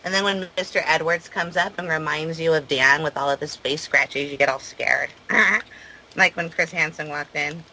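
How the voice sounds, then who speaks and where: A man on a replayed phone call speaks in a slightly raised, bright voice and needles the other caller with mocking taunts. The clip carries a faint hiss underneath. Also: fairly high pitch, normal speed. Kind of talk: played-back phone call.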